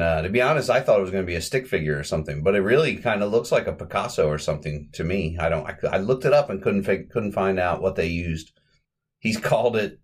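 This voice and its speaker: Male podcast host with a lowish voice. Chatty, rambling recap delivery with self-corrections. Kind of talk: casual podcast film recap.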